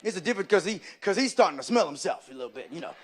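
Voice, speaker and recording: A man doing live stand-up comedy, telling animated stories and slipping into loud character voices. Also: high voice, rapid-fire, some chatter behind.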